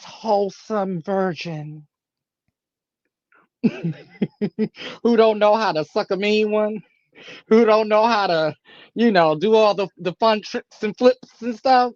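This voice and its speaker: A woman's voice: medium pitch, slow pace, long pauses, darkish tone, dry recording. A woman co-hosting a podcast, joining the gossip with blunt, casual, laughing banter. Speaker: podcast co-host. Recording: dull lo-fi sound.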